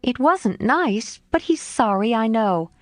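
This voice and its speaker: A woman reading an audiobook, voicing a lively, tomboyish teenage girl who speaks eagerly and coaxingly. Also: fairly high pitch, slow, no room sound, clean studio sound, faint music behind, pitched above the performer's own voice.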